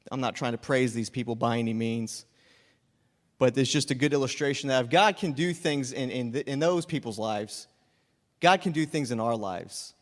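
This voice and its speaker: A man's voice: mid-range voice, moderate pace. A young man telling an earnest personal testimony as a guest speaker in a church, restarting his phrases often. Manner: earnest, storytelling, frequent restarts. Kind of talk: sermon testimony. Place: church sanctuary. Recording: long church reverb.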